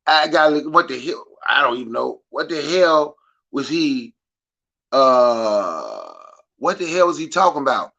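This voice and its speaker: Man, podcast co-host, mocking, incredulous, sharp bright tone. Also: mid-range voice, sing-song, measured pace, creaky, lo-fi sound. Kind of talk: livestream podcast chat.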